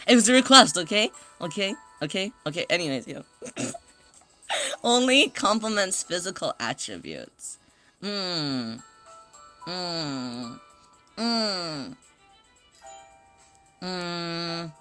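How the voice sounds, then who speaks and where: A man's voice: high voice, sing-song, takes it slowly, long pauses, clear, resonant tone, faint music behind. A man chatting casually on a livestream, rambling and self-conscious, greeting viewers as they arrive. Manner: greets chat members warmly.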